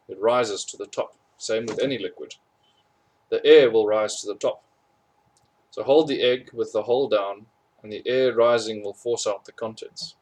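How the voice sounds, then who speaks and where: A man voicing a booming older male museum egg collector who explains things slowly and repeats his words. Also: darkish tone, lightly acted.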